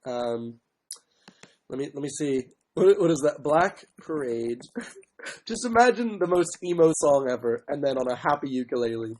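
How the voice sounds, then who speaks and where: A man hosting a casual livestream, with a sore throat and frequent throat clearing, who mocks himself and keeps apologizing and giving up on songs. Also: a little high, lively intonation, moderate pace, darkish tone. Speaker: livestream host. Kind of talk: casual livestream chat with ukulele. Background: faint ukulele strumming.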